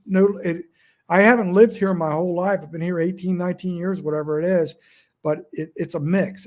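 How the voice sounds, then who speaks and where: A man's voice: a little high, mellow. A middle-aged man from Delaware with a Northern US accent, rambling casually and self-deprecatingly to his phone's front camera at home. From Delaware, USA. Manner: meandering, self-deprecating, frequent restarts. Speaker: outdoors vlogger. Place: at home indoors.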